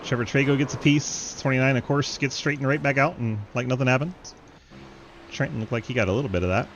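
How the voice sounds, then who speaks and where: A male commentator calls an online race live, quick with jokes and frequent laughter. His voice sits at an ordinary middle pitch and lifts when wrecks pile up. A faint hum runs under him. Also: highs cut off. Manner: jokey, laughs often, excitable on wrecks. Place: home setup, online sim race broadcast.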